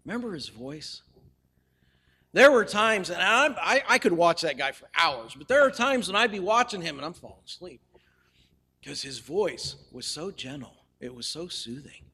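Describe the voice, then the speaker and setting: A male pastor delivers a sermon in a high, bright, forceful voice. He speaks in measured phrases with pauses for emphasis and slips in lightly humorous, conversational asides. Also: lively intonation, breathy edge, big-room sound.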